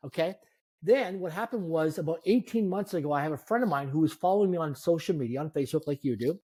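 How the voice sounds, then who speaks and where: A man in his fifties, a guest telling animated, self-deprecating stories in a conversation. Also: a little high, fast talker, slightly rough. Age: 50s. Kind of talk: storytelling in a conversation.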